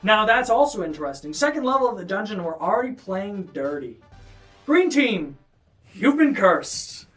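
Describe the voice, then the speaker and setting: A man's voice: sits high, very animated, normal speed, a bit bright, faint music behind. A man voicing a flamboyant male game-show host of a dungeon arena, with showy, offhand announcer patter. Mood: breezy announcing.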